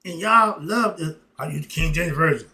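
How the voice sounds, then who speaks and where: A man giving an unscripted opinion monologue to his viewers, fiery and emphatic, swinging from loud outbursts to muttered asides and chuckling between points. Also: fairly high pitch, moderate pace, creaky. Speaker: commentary vlogger.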